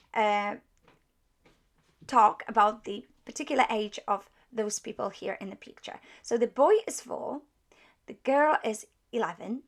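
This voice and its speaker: A woman teaching a beginner language lesson, explaining step by step with many pauses and patient repetition. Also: medium pitch, pushed and bright. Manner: apologetic when correcting herself.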